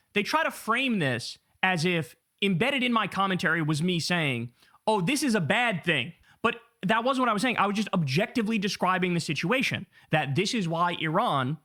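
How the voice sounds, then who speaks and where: A man in his thirties streaming, reading an article aloud and reacting with profane, animated swagger. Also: high-pitched, fairly quick. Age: 30s.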